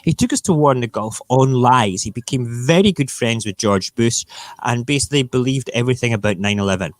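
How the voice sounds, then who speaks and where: A man's voice: mid-range voice, lively intonation, a little fast, dry recording. A Scottish man hosting a live morning talk stream, ranting bluntly and swearing freely. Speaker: live show host.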